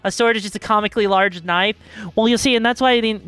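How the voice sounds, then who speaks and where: Talking fast in a mid-range voice, this woman has a fairly bright, clean tone with no echo. On her live stream she's bubbly and chatty, speaking to chat and wandering into rambling side comments. The mic is close and dry, and faint music plays behind.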